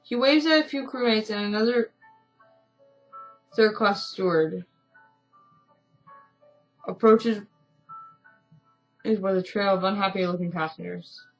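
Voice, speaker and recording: A woman's voice: mid-range voice, a little slow, pauses often, lo-fi sound, faint music behind. Casual woman reading a story game. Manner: casual, self-deprecating asides. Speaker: let's-play streamer.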